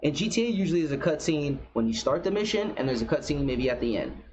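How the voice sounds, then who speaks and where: A man's voice: a little high, very animated, fast talker, darkish tone, a little hiss or hum. A man giving casual reaction commentary on a game trailer, blunt, profane and opinionated. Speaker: gaming commentator. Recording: slightly dull recording.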